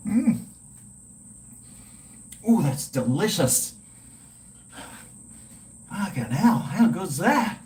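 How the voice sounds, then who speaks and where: Slow laid-back man. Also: high voice, very animated, darkish tone. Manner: laid-back, swears a lot while drinking. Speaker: livestream host. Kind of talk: casual livestream chat.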